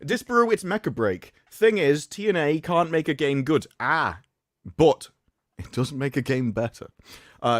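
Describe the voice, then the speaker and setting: A man's voice: mid-range voice, no echo, studio quality. A man co-hosting a live stream, rambling and opinionated in casual chat. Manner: rambling, opinionated, frequent restarts. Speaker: stream co-host.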